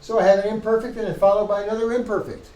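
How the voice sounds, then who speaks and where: A man's voice: sits high, little pitch movement, racing, mellow, reverberant, poor audio. A man teaching a university class, explaining points emphatically and restarting phrases as he goes. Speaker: professor. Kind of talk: university lecture.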